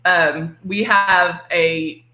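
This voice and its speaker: A woman's voice: fairly low pitch, fairly even intonation, drawn-out words, sharp tone, roomy sound, rough recording. A woman, presenting a casual live makeup demo from home, chatty and giggly, greeting viewers by name. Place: home room.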